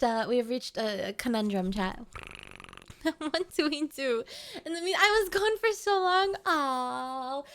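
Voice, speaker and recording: A woman streamer chatting casually with her viewers at home, playful, giggly and rambling. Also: sits high. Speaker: VTuber streamer. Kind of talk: casual livestream chat.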